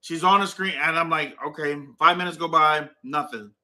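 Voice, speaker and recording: A man hosts a relaxed talk and tells stories with a playful, teasing edge. His voice is very bright and cutting, pitched somewhat high for a man. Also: moderate pace. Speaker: host. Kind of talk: casual chat.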